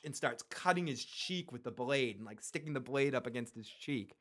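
A man casually recapping a TV episode, with animated, profane storytelling. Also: mid-range voice, normal speed, few pauses. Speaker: podcast co-host.

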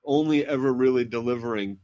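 A man's voice: mid-range voice, fairly quick, mellow. A man co-hosting a podcast, chatting casually about a TV episode and chiming in with details and corrections. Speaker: podcast co-host. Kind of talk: casual TV recap chat. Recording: dull lo-fi audio.

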